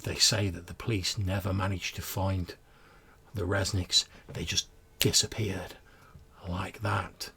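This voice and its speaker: A man's voice: low-pitched, little pitch movement, a little slow, vocal fry, bright, forceful tone, husky, heavily acted. Man doing a teen spinning a ghost tale. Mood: spooky. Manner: dramatic storyteller, building suspense. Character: teenage boy telling a spooky ghost story.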